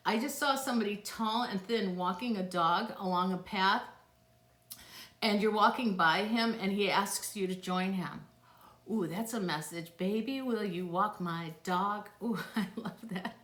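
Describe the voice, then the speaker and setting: Answering live questions as a psychic host, a middle-aged woman speaks at a measured pace in a medium-pitched, fairly bright voice. She chats and gushes, often gasping and laughing. The sound comes from a phone or tablet mic in an echoey room.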